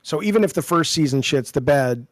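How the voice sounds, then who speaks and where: A man's voice: a little high, expressive, a little fast, no echo, clean studio sound. A man on a casual stream chat, asking questions and explaining at length.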